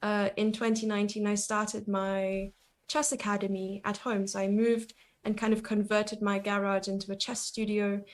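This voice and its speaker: A woman talks as a guest on a casual interview stream. Her delivery is chatty and upbeat, and she laughs easily. Her pitch sits in an ordinary middle range. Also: flat delivery, moderate pace. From South Africa. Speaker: guest, chess coach and streamer.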